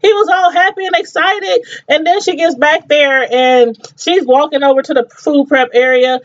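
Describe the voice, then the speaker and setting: Woman, chatty TV reviewer, high-pitched, laughs often, muffled lo-fi sound. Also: steady tone, normal speed. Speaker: TV show reviewer. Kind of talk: casual review chat.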